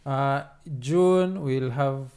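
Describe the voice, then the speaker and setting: A man in a relaxed podcast chat, his voice at an ordinary middle pitch. He walks through a list of events at an easy pace and fills the pauses with "uh". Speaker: podcast co-host. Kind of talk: casual chat.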